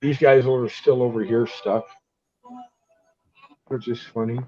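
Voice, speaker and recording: A man chatting casually on a video call, telling animated stories and swearing casually. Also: medium pitch, slow pace. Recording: muffled lo-fi call audio.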